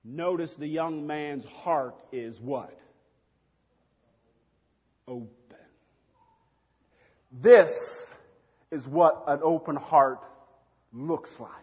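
A man preaching a sermon in a church, swinging between shouting and hushed asides and laughing at his own lines. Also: a little high, drawn-out words, long pauses, breathy edge. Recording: long hall reverb, dull lo-fi sound.

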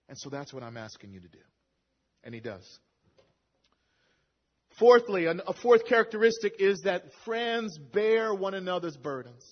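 A man's voice: sits high, slightly rough. Man preaching in a reverberant hall. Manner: conversational preaching, quoting scripture with rising emphasis. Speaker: pastor. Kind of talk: sermon. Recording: lo-fi recording with long hall reverb.

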